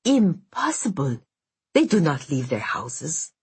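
A woman voicing a cruel, ancient male bear spirit in an audiobook, speaking with slow, low, gloating menace. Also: big pitch swings, a little mellow, husky, heavily acted. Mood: shaken. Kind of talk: audiobook narration.

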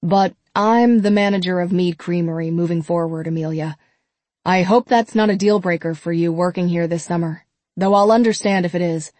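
A woman's voice: lowish voice, normal speed, darkish tone, no room sound, lightly acted. A woman reading the lines of a self-assured young man who runs an ice cream stand, clipped and decisive. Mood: brisk.

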